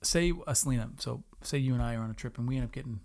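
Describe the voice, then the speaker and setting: A man's voice: mid-range voice, creaky, a little mellow. Earnest man reading scripture aloud. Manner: reads verses slowly and earnestly, laughs easily. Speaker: podcast co-host. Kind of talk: casual chat with scripture reading.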